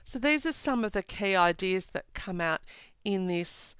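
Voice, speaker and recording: A woman teacher giving a poetry analysis lesson, slowly rereading lines and drawing out their meaning. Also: mid-range voice, animated, fairly bright tone, smooth, dry recording, low-quality recording. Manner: slow, deliberate, rereads lines aloud. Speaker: English teacher.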